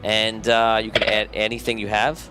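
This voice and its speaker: A man's voice: on the low side, monotone, moderate pace, over music. A man acting as game master, narrating a tabletop game in a loose, amused way and laughing often.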